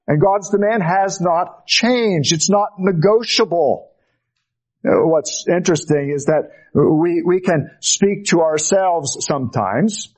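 A man preaching a sermon, slow and emphatic, dropping low and quiet on the key words. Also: breathy edge.

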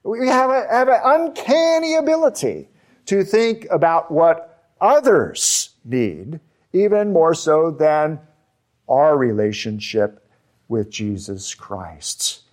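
A man preaching a sermon, slow and emphatic, with deliberate pauses on key words. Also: fairly high pitch, animated, darkish tone. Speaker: pastor.

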